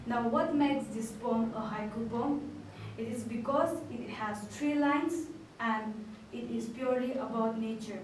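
Lady teacher doing a class video, kinda high voice, careful slow words, faint background hum. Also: darkish tone. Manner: slow, clear, syllable-stressing delivery. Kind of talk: online class lesson. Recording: echoey room from far off.

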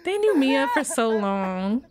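A woman's voice: sits high, sing-song, takes it slowly, noisy background. A young adult woman giving casual let's-play commentary, chatting straight to her viewers and laughing often.

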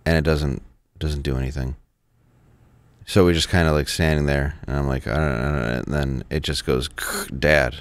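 Low-voiced man telling a story, halting. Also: fairly even intonation, no room sound, clean studio sound. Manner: halting, repeats words, quotes others. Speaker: show regular telling a story. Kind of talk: casual storytelling chat.

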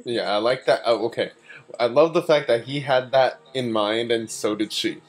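A man's voice: mid-range voice, moderate pace. A young man hosting a reaction video, chatting in a casual, slangy, laid-back way. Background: film audio and music.

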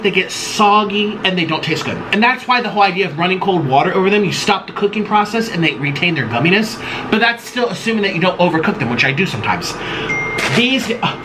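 A man chats his way through a home-kitchen cooking vlog, dramatic, sassy and rambling. His voice sits high and swoops all over the place. Clear background noise runs under the recording. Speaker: vlogger host. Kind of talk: casual cooking and eating chat.

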